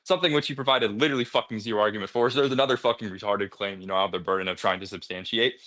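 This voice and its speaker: A man's voice: on the low side, rapid-fire, sharp tone. A man arguing in a heated online debate, aggressive, mocking and full of profanity.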